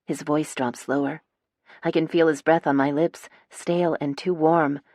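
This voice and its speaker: A woman's voice: sits low, fairly even intonation, moderate pace, a little mellow, no room sound. A woman narrating a first-person romance audiobook in a wry, dramatic storytelling manner, on a close studio mic.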